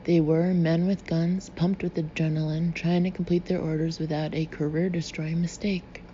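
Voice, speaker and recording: A woman narrates a scripted audiobook in an even, measured way, her low, level voice warm and mellow. The recording sounds slightly dull, with a faint hiss underneath.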